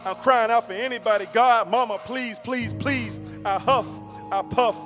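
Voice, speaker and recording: A man's voice: very high voice, steady tone, moderate pace, over music. A man performing his spoken word poem in a rhythmic delivery that rises into a half-sung chant.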